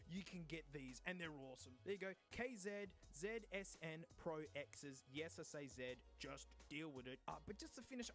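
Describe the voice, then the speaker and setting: A headphone reviewer who gives a casual, opinionated product review and laughs now and then. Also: mid-range voice.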